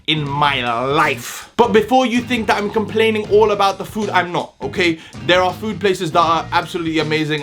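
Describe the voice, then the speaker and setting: British man, casual vlog, joking, fairly high voice, faint music underneath. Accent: British, London. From United Kingdom. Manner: animated, joking, talks straight to viewers. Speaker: vlogger.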